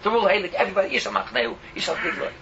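A man's voice: high voice, sing-song, very fast, sharp tone, lo-fi sound, slight background noise. A man preaching an impassioned sermon, pleading and fiery, weaving Yiddish and Hebrew words into his English.

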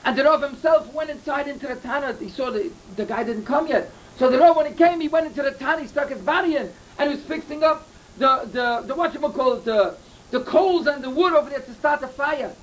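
A Torah teacher speaks briskly in a very high-pitched voice, telling stories with real earnestness. He keeps returning to key phrases and mixes Hebrew and Yiddish terms into his speech. Slight background noise runs through the rough recording.

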